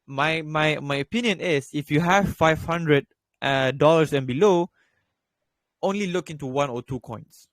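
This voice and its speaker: A young adult male student hosts a crypto trading voice chat, his slightly high, a bit bright voice on a dry recording. Casual and blunt, he gives profanity-laden advice and repeats his points.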